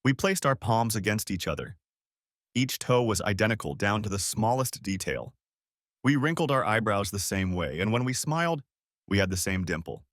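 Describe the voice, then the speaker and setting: A man narrates a first-person audiobook story with a measured, expressive delivery. His voice sits at a middle pitch but moves lively through each sentence, recorded dry and close to the mic. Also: dry recording.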